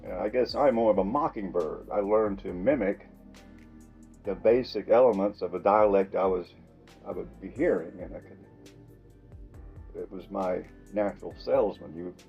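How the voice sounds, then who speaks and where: An older Southern vlogger speaks to camera in a casual, folksy monologue, musing aloud with soft chuckles. His low voice has vocal fry, moves at normal speed, and pauses often. The audio is muffled, with soft music underneath.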